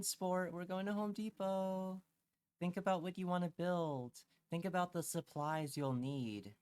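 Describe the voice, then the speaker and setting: A man's voice: medium pitch, darkish tone, clear, resonant tone, no room sound, close to an everyday voice. A man voicing a taunting tax agent who coaxes in a sing-song voice and then turns profane and scornful. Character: taunting tax agent driving a truck, fake-cheerful then cruel. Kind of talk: comic rant on a live stream.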